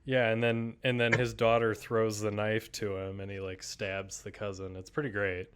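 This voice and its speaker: A man's voice: fairly low pitch, level tone, moderate pace, crowd noise. A man co-hosting a podcast, chatting casually and enthusiastically with lots of fillers and restarts. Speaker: podcast co-host. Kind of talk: casual chat.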